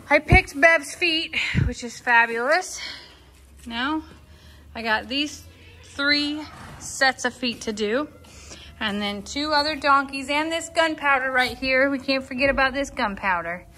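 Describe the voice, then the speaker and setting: A woman's voice: a little high, sharp tone, a little hiss or hum. A woman caring for farm animals, chatting casually for a vlog and talking sweetly to the animals outdoors.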